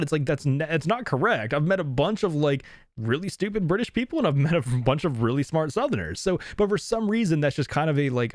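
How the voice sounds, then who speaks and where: A man from the western United States co-hosting a podcast, talking through his thoughts slowly, with lots of restarts. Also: fairly high pitch, no echo, clean studio sound. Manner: thoughtful, hesitant, many restarts and fillers. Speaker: podcast co-host. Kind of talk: casual movie review chat.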